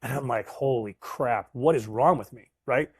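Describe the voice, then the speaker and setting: Middle-aged male guest, anecdotal and animated, dry close-miked sound. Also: mid-range voice, normal speed, husky, no echo. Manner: animated storyteller, acts out quoted voices. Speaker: guest, sales professional. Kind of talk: casual storytelling interview.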